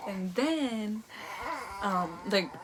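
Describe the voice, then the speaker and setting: A woman's voice: medium pitch, lively intonation, extremely slow, heavy background noise. A young woman vlogger casually telling a personal story, rambling with lots of "like" and "um". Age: young adult. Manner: rambling, full of "like" and "um".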